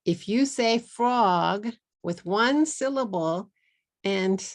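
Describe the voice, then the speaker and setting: A woman with a Texas accent teaching English pronunciation, saying each word slowly and repeating it for learners. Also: medium pitch, animated. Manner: slow, drawn-out model words, repeated for learners. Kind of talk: pronunciation lesson.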